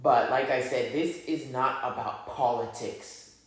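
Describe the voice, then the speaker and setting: A man's voice: medium pitch, a little slow. Ranting young man in an echoey room. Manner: ranting, profane, mocks others in put-on quotes. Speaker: podcast host. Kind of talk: casual podcast chat.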